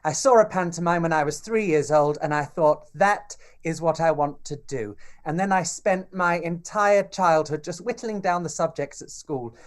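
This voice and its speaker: A man who works as a pantomime performer, answering interview questions in a chatty, animated way. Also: fairly high pitch, moderate pace, few pauses. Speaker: guest performer.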